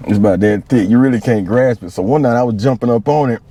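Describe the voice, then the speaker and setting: A man's voice: medium pitch, a little fast, mellow, slightly rough. A man in his forties, a Marine veteran, telling stories casually, laughing often and using slang. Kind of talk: casual storytelling.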